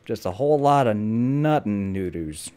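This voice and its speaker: A man's voice: lowish voice, lively intonation, a little slow, mellow, smooth. A man hosting a casual gameplay video, joking, swearing and talking to himself as he plays. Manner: jokey, swears a lot, talks to himself. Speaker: gameplay host.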